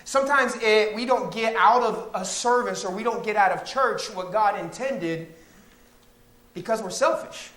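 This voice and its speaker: A man's voice: high-pitched, moderate pace, sharp tone. A man preaching a conversational sermon as pastor in a church, now and then mocking the voices of complainers. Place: church sanctuary.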